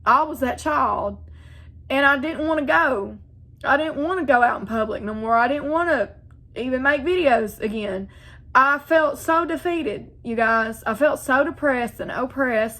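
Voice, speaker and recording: A woman's voice: high voice, normal speed, a bit bright. Earnest woman sharing a heartfelt testimony. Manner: earnest, heartfelt, repeats phrases, addresses viewers directly. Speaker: faith vlogger. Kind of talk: personal testimony, casual.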